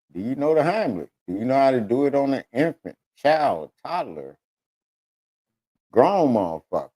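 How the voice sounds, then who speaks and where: Male streaming host, casual and profane, rambling storyteller, mellow tone. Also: medium pitch. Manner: profane, rambling storytelling, addresses viewers as y'all. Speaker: streaming talk show host. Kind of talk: casual solo talk to an audience.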